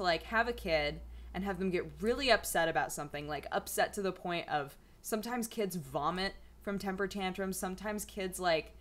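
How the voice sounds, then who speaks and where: Young woman rambling over coffee, kinda low voice, lots of "like". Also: fairly bright tone. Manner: chatty, rambling, many "like" fillers. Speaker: vlogger. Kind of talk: casual chat.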